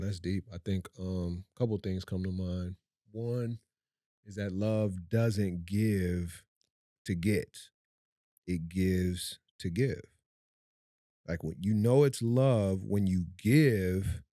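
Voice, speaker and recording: A man co-hosting a faith-based podcast, answering calmly and reflectively. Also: sits low, slow pace, no room sound, clean studio sound. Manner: calm, gives short affirmations. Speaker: podcast co-host.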